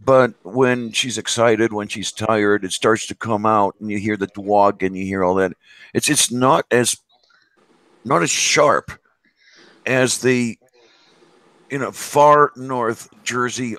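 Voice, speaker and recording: A man's voice: fairly low pitch, slow pace, a bit bright, dry recording. A man from the Great Lakes region with a Great Lakes American accent, hosting a casual chat with friends and explaining things at length over an online voice call. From Cleveland, Great Lakes US.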